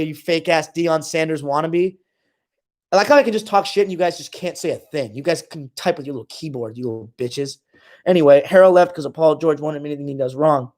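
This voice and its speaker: A man's voice: a little high, fairly quick, a little mellow. A young man hosting a casual live stream, reading comments aloud and trash-talking his viewers.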